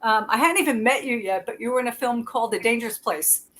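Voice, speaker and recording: A woman's voice: fairly high pitch, fast, a bit bright. A woman filmmaker chatting casually on a group call, talking in long runs with laughs and restarts. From Florida. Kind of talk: casual group video chat.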